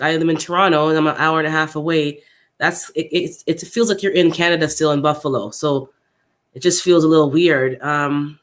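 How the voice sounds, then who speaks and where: A man hosting a casual livestream for his viewers, upset and unsettled, who thinks out loud in a halting way and often repeats his words. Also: a little high. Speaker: gardening channel host.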